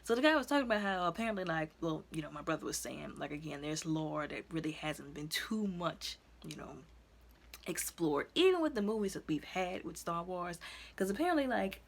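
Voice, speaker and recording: A woman retells and reviews episodes in an energetic, rambling way, with plenty of fillers between her thoughts. Her voice sits on the low side with a breathy, husky edge. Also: fairly quick. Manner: chatty, many fillers, energetic storytelling. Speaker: video reviewer.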